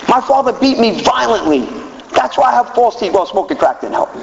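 A man's voice: very high-pitched, big pitch swings, fairly quick, gravelly. A middle-aged man giving an emphatic personal recovery testimony at a meeting, repeating key phrases. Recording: dull echoey hall with faint noise.

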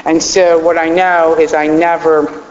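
A woman's voice: sits low, level tone, measured pace, darkish tone, a little hiss or hum. Heartfelt middle-aged woman in an echoey hall. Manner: heartfelt, rambling, choked up at times. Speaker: speaker sharing her recovery story. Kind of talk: personal testimony talk. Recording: roomy hall, dull lo-fi sound.

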